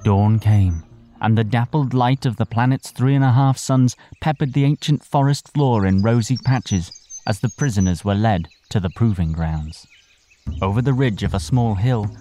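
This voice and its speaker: A man's voice: on the low side, mellow. A man narrating a comic audio drama with dry, wry storytelling.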